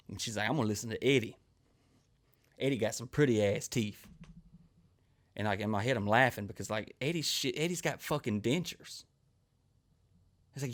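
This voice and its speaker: A man with a drawl tells profane, meandering stories on his own podcast. His voice sits in an ordinary middle pitch, and he swears constantly as he riffs through his week. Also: brisk, pauses often. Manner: crude, rambling, swears constantly, acts out quoted people. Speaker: comedian podcast host. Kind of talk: profane storytelling monologue.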